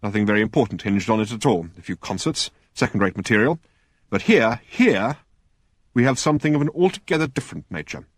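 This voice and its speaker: A pompous middle-aged scientist, put on by a male audiobook narrator, testy and lecturing. His voice leaps up and down in pitch with a slightly husky grain. It is recorded close and dry. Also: lively intonation, a little fast, dry recording.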